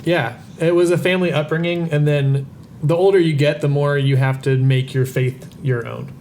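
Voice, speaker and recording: A man's voice: a little high, fairly even intonation, moderate pace, a little mellow, slight background noise. A man talking as a podcast guest, reflective and often correcting himself. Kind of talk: casual chat.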